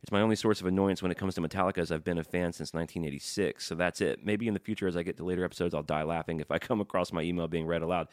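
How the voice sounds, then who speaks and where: Fast-talking joking podcast host. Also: male voice, low-pitched, no echo, clean studio sound. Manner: jokey, fast, banter-heavy. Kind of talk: casual chat, reading listener emails.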